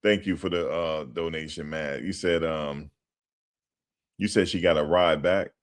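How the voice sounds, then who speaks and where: A man with a very low voice giving casual commentary on a livestream. His speech is animated and full of slang, and he often repeats lines for emphasis. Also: unhurried.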